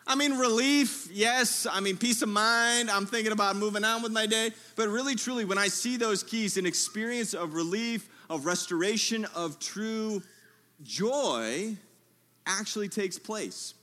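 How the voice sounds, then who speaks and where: A man preaching a sermon in a tent, telling a humorous story in a lively way and calling out to his listeners. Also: sits high, unhurried. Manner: lively, humorous storytelling with audience call-outs. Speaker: pastor.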